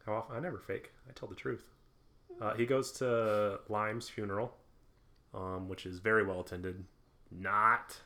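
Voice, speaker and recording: A man's voice: lowish voice, fairly even intonation, a little slow, sharp tone. A man hosting a casual podcast recapping an old film, laughing often and teasing his co-hosts. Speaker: podcast host. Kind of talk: casual movie recap chat.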